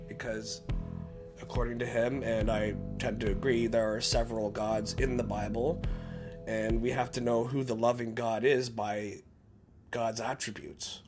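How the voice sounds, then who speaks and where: A man hosting a podcast, chatting casually and loosely, calling his guest brother and man. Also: mid-range voice. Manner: laid-back, swears and says man and brother. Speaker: podcast host.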